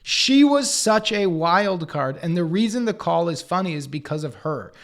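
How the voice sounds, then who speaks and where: A comedian and podcast co-host, a man, telling anecdotes in an animated way and acting out other people's lines. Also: high-pitched. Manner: acts out others' lines in quick put-on voices; swears casually, riffs fast.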